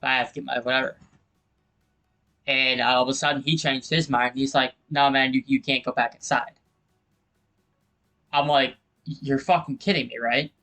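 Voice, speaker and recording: A man's voice: mid-range voice, fairly even intonation, normal speed, pauses often, pushed and bright, faint music behind, low-quality recording. A man hosting his own gaming channel, telling a heated story over gameplay, swearing often and acting out what people said.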